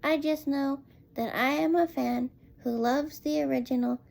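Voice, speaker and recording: A woman's voice: high voice, steady tone, a little slow, creaky, darkish tone. A woman giving a casual spoken film review, rambling and exasperated, filling her talk with "like.". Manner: rambling and exasperated, heavy use of "like".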